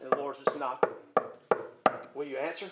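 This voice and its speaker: A man preaching a sermon with fervour, rising to shouts at his peaks and chuckling between points. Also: medium pitch, fairly even intonation, normal speed, reverberant, very noisy.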